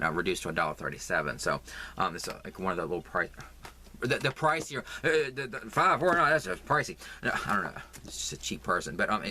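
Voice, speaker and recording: A Southern-accented man talks through his crafting haul in a casual, stumbling way, repeating words and filling pauses with ums. His voice sits on the low side yet sounds bright and forward. A faint hiss runs under the recording. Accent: Southern American. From American South. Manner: halting, lots of fillers and repeats. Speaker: crafting vlogger. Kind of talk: casual yarn haul chat.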